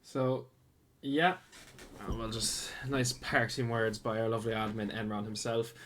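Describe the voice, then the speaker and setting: Relaxed esports host. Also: male voice, fairly low pitch, a little hiss or hum. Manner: relaxed, friendly, halting with restarts. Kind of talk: casual post-match commentary.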